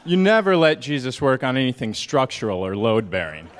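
Man, storyteller, deadpan, mock-sincere, comic stage monologue, mid-pitched. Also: brisk, slight background noise. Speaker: storyteller at a live story slam.

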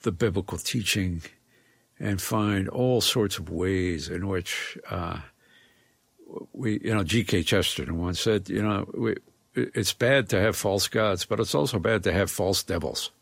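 A man with a low, gravelly voice answers interview questions in a slow, reflective way, circling back and restarting his thoughts. His voice has a husky edge. The recording is close and dry. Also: no echo. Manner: thoughtful, halting, many restarts. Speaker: guest, philosopher and educator.

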